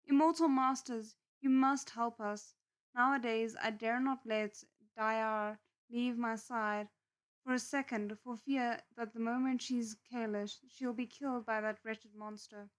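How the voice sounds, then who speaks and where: A wealthy old man, about sixty, begs for help through tears, as a woman reads him aloud. The voice sits a little high and earnest. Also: fairly even intonation, unhurried, close to an everyday voice. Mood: pleading. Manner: pleading, tearful. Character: pleading elderly rich man, tearful.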